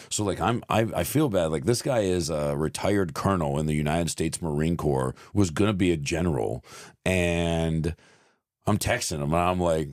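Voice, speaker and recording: Very deep-voiced man, halting casual talk. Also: a little mellow, dry recording, studio quality. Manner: halting, searches for words, swears casually. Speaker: podcast co-host. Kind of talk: casual conversation.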